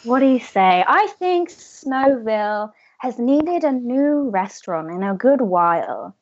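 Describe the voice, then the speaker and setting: Woman putting on a sly glam sorceress lady from a tabletop game, smooth n teasing, slow drawl, dull dry lo-fi sound. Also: fairly high pitch, expressive. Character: sly glamorous woman with magic cane.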